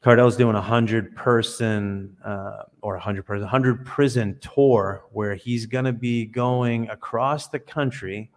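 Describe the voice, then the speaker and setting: A man's voice: on the low side, fairly even intonation, takes it slowly, few pauses. Man, podcast guest, earnest, storytelling like a preacher, over a video call. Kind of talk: conversational interview.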